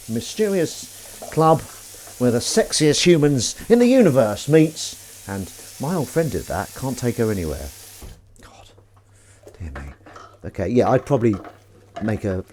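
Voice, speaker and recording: A man's voice: fairly low pitch, a little mellow, a little hiss or hum. A man hosting a livestream, chatting casually and making self-mocking jokes while doing the washing up. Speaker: livestream host.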